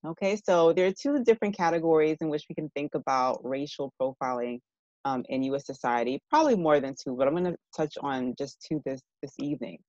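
A woman's voice: sits low, a little mellow, no room sound. Woman lecturing, dry and muffled. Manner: measured, explanatory, checks in with listeners. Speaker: university lecturer. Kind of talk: evening lecture to an audience.

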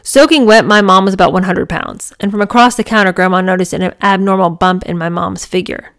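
A woman's voice: mid-range voice, steady tone, a little fast. Woman, memoir reading, casual commentary, enthusiastic, chatty, fillers. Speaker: book reader and reviewer.

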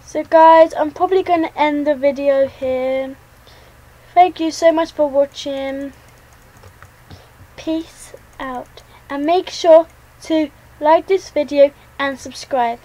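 Jittery high-voiced woman. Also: steady tone, takes it slowly, warm tone, low-quality recording. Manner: jittery, talks to herself while playing. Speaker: gaming channel host. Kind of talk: let's play commentary.

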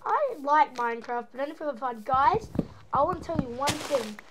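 A woman's voice: high voice, animated, moderate pace, noisy background. A woman from Australia speaking with a put-on American accent, rambling playfully through gameplay commentary as a gaming channel host. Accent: American, put on over an Australian one. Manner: rambling, playful, making silly noises.

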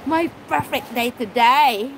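High-pitched woman gushing over animals on a phone livestream, slow talker, noisy outdoor phone audio. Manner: gushing, effusive, exclamatory. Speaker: wildlife vlogger. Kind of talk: excited live-stream chat. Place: outdoors at a wildlife sanctuary.

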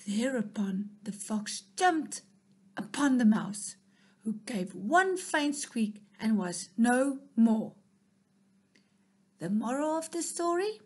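A woman reading a children's storybook aloud in a high, husky voice. She takes her time and sometimes drops to a soft near-whisper. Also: sing-song, slow. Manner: soft, dropping to a whisper at times.

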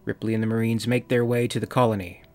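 Brief: dry, wry male host reviewing a magazine parody over soft music. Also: on the low side, level tone, fast talker. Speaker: video essay host. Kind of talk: comic review narration.

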